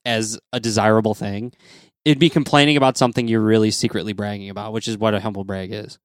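A man co-hosting a casual podcast chat, teasing his friends and hedging his points with halting restarts. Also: lowish voice, steady tone, no room sound, clean studio sound. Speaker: podcast co-host.

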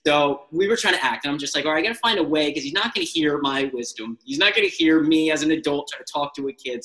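A man, a life skills coach and guest on a radio show, telling a story in a casual, animated way and acting out the lines he quotes. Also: a little high, low-quality recording.

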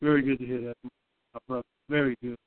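A man, the featured guest poet, talking in a quick, friendly, casual way. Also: medium pitch, level tone, dry recording. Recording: tinny phone-like line, dry.

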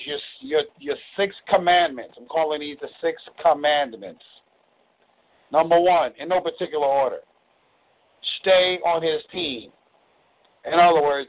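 On what sounds like a tinny, thin phone call, a man with a slightly high voice coaches people about relationships. His style is blunt and folksy, with curses used to drive each point home.

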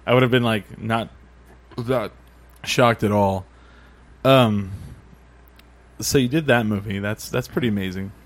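A man hosting a podcast, joking and swearing in casual chat and asking quick questions. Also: on the low side. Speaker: podcast host.

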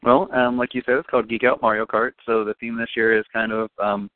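Fast-talking man guest, tinny phone sound. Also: medium pitch, flat delivery, no room sound. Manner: rambling, lots of ums. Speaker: event organizer guest. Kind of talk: casual interview chat. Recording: tinny, phone-like dry audio.

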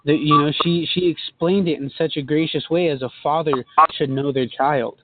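A man's voice: fairly high pitch, steady tone, normal speed, faint music behind. A man in a Bible study group. He talks in an earnest, reflective way that builds to firm statements. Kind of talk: casual reflective talk. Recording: tinny phone line with faint noise.

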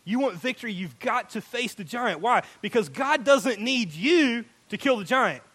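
A man's voice: extremely high pitch, lively intonation, normal speed, fairly bright tone, breathy edge. A man preaching a sermon, emphatic, quoting people in acted asides. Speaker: pastor.

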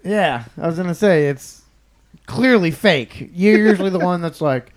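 A man's voice: high voice, lively intonation, normal speed. A man co-hosting a comedy podcast, tossing in wisecracks and jokes during casual banter. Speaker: podcast co-host.

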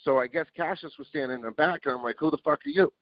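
A man telling stories as a podcast guest in a casual, animated way, swearing and acting out what people said. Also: on the high side, fast, no room sound. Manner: animated, swears, acts out quotes. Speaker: interview guest, music producer. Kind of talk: casual storytelling. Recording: dull lo-fi dry sound.

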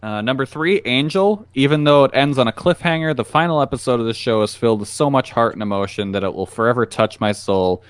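A man's voice: mid-range voice, fast talker, few pauses, clean tone, no echo. Earnest male podcast co-host. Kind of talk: reading a list on a podcast.

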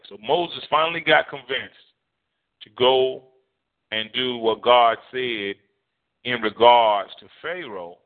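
Preaching man over a tinny phone line. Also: medium pitch. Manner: animated preaching, voicing God and Moses in quotes. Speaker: pastor. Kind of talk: sermon.

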